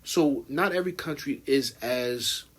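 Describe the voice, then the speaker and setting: A young American man co-hosts a casual podcast. His voice is husky and mid-pitched, and he talks in a loose, slangy way, full of fillers and false starts. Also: unhurried. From United States. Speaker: podcast co-host.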